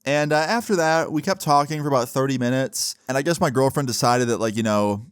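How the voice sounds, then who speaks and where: A young man narrating a personal story in a chatty, laid-back way. His voice sits at a middling pitch, close to the mic in a dry, dead-sounding recording. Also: brisk, clean tone, no echo. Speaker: YouTuber storyteller.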